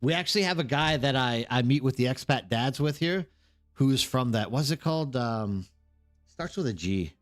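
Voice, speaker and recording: A tired man from the Houston area of Texas hosts a livestream, his medium-pitched voice expressive at a moderate pace with faint music in the background. He rambles and chats casually, reading the chat aloud and saying "like" and "dude" constantly.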